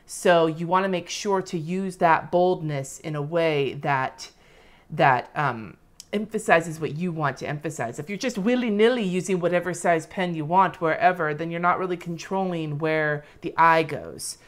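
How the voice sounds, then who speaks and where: Low-voiced chatty woman teaching lettering. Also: moderate pace. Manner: chatty, rambling, demonstrates while drawing. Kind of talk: casual live-stream lesson.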